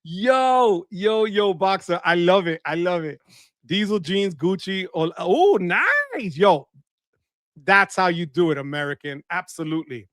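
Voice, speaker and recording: This livestream host from the Bronx, New York, speaks in a high voice at a slightly slow pace. He casually reads the chat, greets viewers by name and laughs often, and the clean studio sound carries no room noise.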